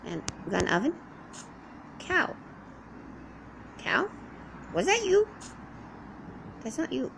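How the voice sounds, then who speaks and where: A woman's voice: high voice, sing-song, slow pace, creaky, long pauses, fairly bright tone, slight background noise, low-quality recording. A woman doing in-character survival roleplay commentary while playing, rambling to herself and chatting to the animals around her. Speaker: game roleplayer.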